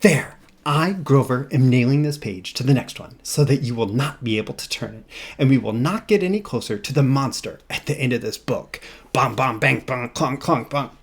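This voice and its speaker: A man voicing a timid, fretful furry monster while reading a children's picture book aloud, in a rough, drawn-out imitation. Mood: determined. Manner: pleading, high and drawn-out, deliberately rough imitation.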